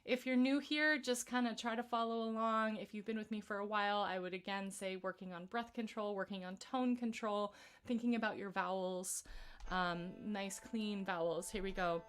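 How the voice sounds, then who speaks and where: A woman vocal coach leading a live-streamed singing warm-up, explaining exercises in a relaxed, chatty way between scales. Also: medium pitch, normal speed, clear, resonant tone, soft background music.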